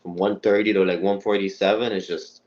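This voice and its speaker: A young man, a boxing prospect, calling in to a live show, talking in a relaxed way and often repeating words while he thinks. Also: sits low, brisk, slight background noise. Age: young adult. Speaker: boxer, interview guest. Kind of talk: casual call-in interview. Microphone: phone on a call. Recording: dull phone-call audio.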